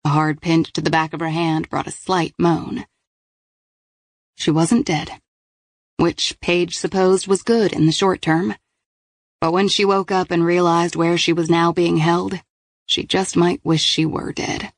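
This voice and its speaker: A woman narrating a suspense audiobook in a steady, measured storytelling manner. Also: on the low side, no echo. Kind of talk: scripted narration.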